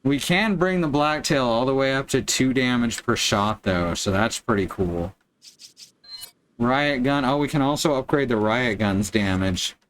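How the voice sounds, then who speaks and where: A man chatting casually over his gameplay, dropping wry jokes as he goes, his voice at an everyday middle pitch. A faint background noise sits under his voice. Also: a little slow, fairly bright tone. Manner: wry, joking asides. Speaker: streamer.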